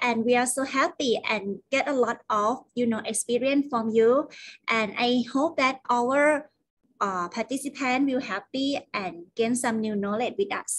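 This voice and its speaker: Thai woman host, a little high-pitched, casual and chatty, drops in Thai particles. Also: moderate pace, fairly bright tone. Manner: chatty, many fillers, mixes Thai phrases into English. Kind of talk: hosting a casual online talk.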